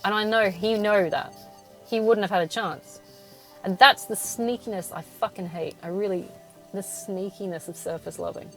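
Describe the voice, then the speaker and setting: A young woman speaks bluntly and swears freely as she vents on her podcast, breaking into laughs between points. Her voice sits in a middle pitch, and faint music plays under her. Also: moderate pace. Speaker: podcast host. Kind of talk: solo venting podcast. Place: in a car.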